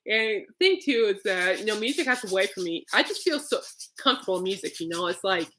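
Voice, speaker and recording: A woman's voice: medium pitch, lively intonation, quick pace, sharp tone, a little hiss or hum. A woman hosting a podcast in casual, rambling chat, laughing often. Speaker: podcast host.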